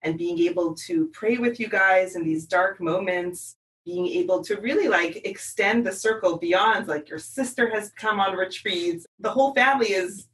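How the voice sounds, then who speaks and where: A woman's voice: medium pitch, normal speed, fairly bright tone, recorded from a distance, low-quality recording. A woman organizer hosting a casual conversation, speaking in a heartfelt way about friendship.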